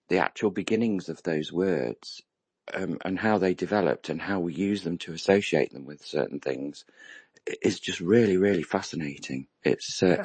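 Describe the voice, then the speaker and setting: Deep husky English man, musing. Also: darkish tone, dry recording. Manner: musing, hesitant with many ums and restarts. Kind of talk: casual online group chat.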